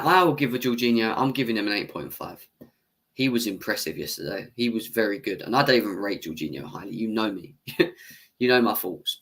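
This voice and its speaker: A man's voice: lowish voice, fairly bright tone. Heated man ranting to chat. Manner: heated, swearing, arguing with chat; laughs off his own bias. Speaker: football fan channel host. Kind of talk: live-stream match reaction rant.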